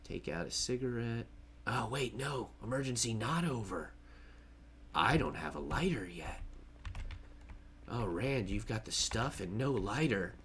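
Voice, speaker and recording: A man's voice: medium pitch, animated, measured pace, long pauses, fairly bright tone, a little hiss or hum. A man casually narrating his own gameplay on a stream, chatty, joking and laughing to himself as he plays.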